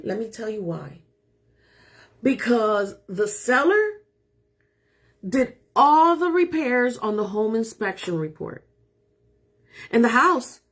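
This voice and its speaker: A middle-aged woman real estate agent talking casually to viewers, emphatic and self-assured. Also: on the high side. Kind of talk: casual live talk to viewers.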